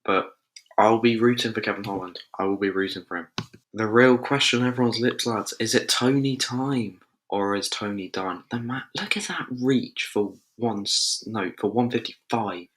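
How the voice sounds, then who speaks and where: A man with a deep voice talks through fight predictions as the host of a casual show. He chats loosely and thinks aloud, and his tone is bright and forceful. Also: moderate pace.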